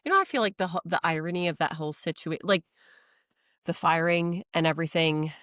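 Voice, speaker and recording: A woman co-hosting a podcast from home with her husband, chatting casually, quick to agree and laugh. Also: on the low side, a bit bright, no room sound, studio quality. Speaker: co-host, wife. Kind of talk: casual chat.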